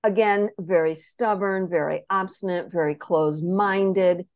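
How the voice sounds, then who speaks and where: A woman spirit messenger telling a past-life reading as an animated story, acting out quotes and often asking if the listener follows. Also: fairly low pitch, measured pace, no room sound. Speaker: spirit messenger, podcast guest.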